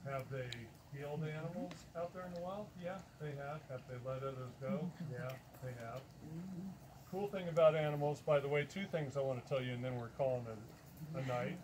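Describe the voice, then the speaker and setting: A man's voice: medium pitch, noisy background. A man giving a talk to an audience, earnest and emphatic, repeating words for stress. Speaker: presenter.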